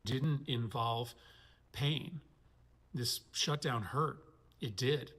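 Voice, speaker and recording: Husky-voiced senator speaking earnestly. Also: male voice, mid-range voice, drawn-out words, fairly bright tone. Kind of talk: political speech in clips.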